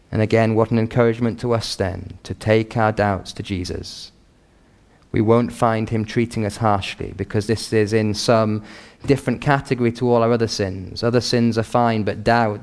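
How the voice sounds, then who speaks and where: A man preaching a sermon in an earnest, measured and emphatic pastoral way. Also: lowish voice, darkish tone.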